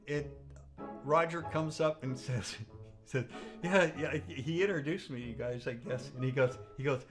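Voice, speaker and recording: A man's voice: mid-range voice, unhurried, faint music behind. A man telling a rambling anecdote in an interview, full of asides and quoted voices. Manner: rambling, full of "you know", animated quoting. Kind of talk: casual anecdotal storytelling.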